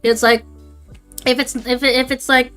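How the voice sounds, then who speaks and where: A woman's voice: sits high, level tone, normal speed, a bit bright, clear, resonant tone, faint music behind. A young adult woman chatting casually on a livestream, rambling and swearing freely. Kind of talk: casual stream chat.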